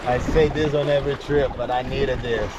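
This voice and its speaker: A man's voice: mid-range voice, fairly even intonation, moderate pace. A man narrating his solo canoe trip in a casual vlog, talking to himself and hyping himself up as he paddles outdoors. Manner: upbeat, self-talk, hyping himself up. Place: outdoors on a lake and river in a canoe. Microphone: camera mic. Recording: wind-battered dull outdoor camera audio. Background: wind and water noise.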